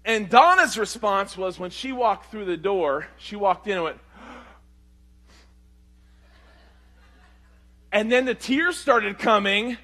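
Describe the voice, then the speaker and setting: A male pastor telling a story in a sermon, animated and swinging between loud and hushed delivery. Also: high-pitched, moderate pace, hardly any pauses.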